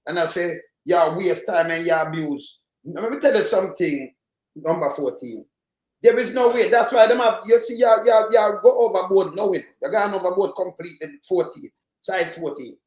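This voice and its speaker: A man's voice: high-pitched, normal speed, a little mellow. A Jamaican man hosting a casual political commentary show, rambling and emphatic in heavy patois. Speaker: host. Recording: echoey room.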